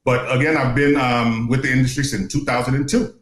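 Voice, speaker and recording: A man's voice: mid-range voice, level tone, a little fast, roomy sound, rough recording. A man who works as an asbestos inspector, chatting as a podcast guest in a jokey, rambling way. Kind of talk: casual podcast chat.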